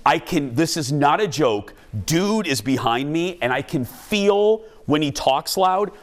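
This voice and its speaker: Animated male talk show host. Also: fairly high pitch, unhurried. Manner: animated, self-mocking storyteller. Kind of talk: comic storytelling to a studio.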